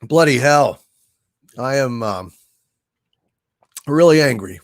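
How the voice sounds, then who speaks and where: A man's voice: mid-range voice, animated, takes it slowly, dry recording. A middle-aged man hosting a livestream, reading super chats and ranting with angry sarcasm and frequent swearing.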